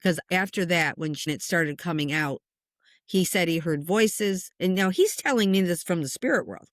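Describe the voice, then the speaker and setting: A woman who works as a spiritual medium, a guest telling stories in an earnest, passionate, animated way. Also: lowish voice, moderate pace, no room sound, studio quality. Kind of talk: conversational interview storytelling.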